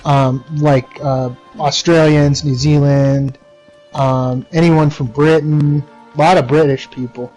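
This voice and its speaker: A man's voice: on the high side, little pitch movement, takes it slowly, darkish tone, faint music behind, poor audio. A young man from the United States chatting casually while livestreaming a game, rambling with many fillers and restarts. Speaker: livestreaming gamer.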